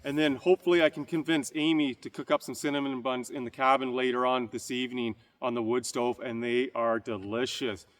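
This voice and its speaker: A man's voice: medium pitch, fairly even intonation, fairly quick, hardly any pauses, long reverb tail. A man vlogging a campfire breakfast outdoors, chatting casually to his viewers. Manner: chatty, addresses viewers as "you guys". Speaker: homestead vlogger.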